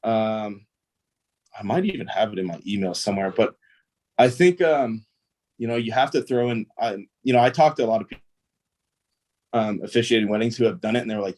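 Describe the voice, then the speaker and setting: A man's voice: lowish voice, normal speed, darkish tone. A young man, a pro ballplayer, telling stories in a casual interview, easygoing and rambling with lots of fillers. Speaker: guest, pro baseball player.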